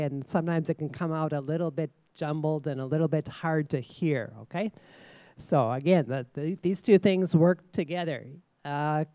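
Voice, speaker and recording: A contest judge giving feedback to students in a teacherly manner, voice smooth and resonant. The judge keeps asking the room questions and checking in with "okay?". The sound is close and dry, with little room around it. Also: medium pitch, warm tone, no echo. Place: very large room with a large audience. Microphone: stage microphone.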